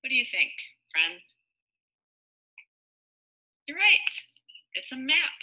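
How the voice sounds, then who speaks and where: A woman teaching young children phonics online, sounding out letters one by one and asking gentle questions. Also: high-pitched, very animated, lo-fi sound. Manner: slow, sound-by-sound modeling. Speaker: preschool teacher.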